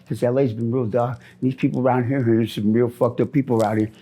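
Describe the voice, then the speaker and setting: Middle-aged guy from minnesota, husky dark voice, rambles and repeats, angry streak. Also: mid-range voice, flat delivery, quick pace, few pauses. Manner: rambling, angry, repeats himself, says "man" a lot. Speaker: interviewee. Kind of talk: street interview. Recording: outdoor street interview.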